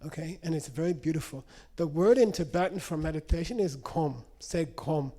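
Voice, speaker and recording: A man teaching meditation to an audience, telling stories in an animated way and checking in with frequent questions. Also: a little high, normal speed. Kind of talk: spoken teaching with anecdotes.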